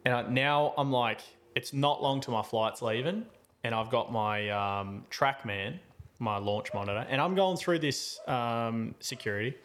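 A man's voice: mid-range voice, a little slow, fairly bright tone. A young man, a podcast co-host, telling a story in casual chat and acting out both sides with voices.

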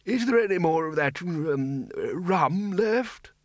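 A man voicing a very old, cheerful, rambling wizard in an audiobook, with a thin, wavering voice and slow, wandering speech. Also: sits high, expressive, no echo, clean studio sound, voice pushed up. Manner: slow, drawn-out, wandering off topic. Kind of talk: audiobook character voice.

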